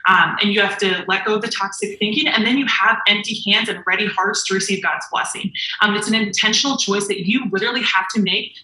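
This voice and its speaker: A woman giving an earnest, preachy faith-based motivational talk. Her voice is bright and forceful. She was recorded in an echoey room. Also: mid-range voice, fairly quick. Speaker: motivational speaker.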